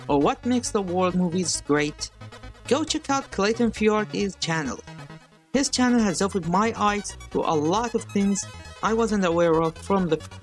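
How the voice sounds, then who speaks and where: A YouTube critic with a non-native English accent, earnestly delivering spoken commentary. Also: medium pitch.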